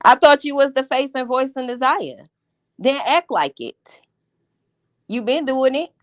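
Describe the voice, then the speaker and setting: A woman's voice: sits high, lively intonation, measured pace, no room sound. Blunt woman livestreamer, dry close sound. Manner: blunt, confrontational, calls out with repeated questions. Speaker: livestream host. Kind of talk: casual livestream commentary.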